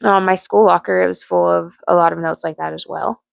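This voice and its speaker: A woman's voice: lowish voice, fairly even intonation, fairly quick, no room sound. A young woman telling her own story to camera in a blunt, candid way, swearing freely and restarting her sentences. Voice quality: gravelly vocal fry. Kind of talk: personal storytime monologue.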